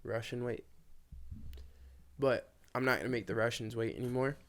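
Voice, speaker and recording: A man hosts a laid-back podcast in an even, mid-range voice. He muses, hedges his points and tosses in jokes. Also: medium pitch, normal speed, slight background noise. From United States. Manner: musing, hedging, jokey. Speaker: podcast host. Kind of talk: casual podcast chat.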